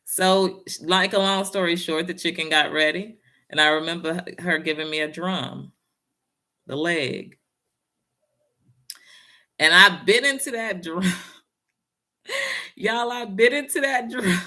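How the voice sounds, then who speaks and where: A woman's voice: lowish voice, takes it slowly, long pauses, sharp tone. A woman giving a casual motivational talk and telling a personal story, speaking in a down-home way and often addressing her listeners directly.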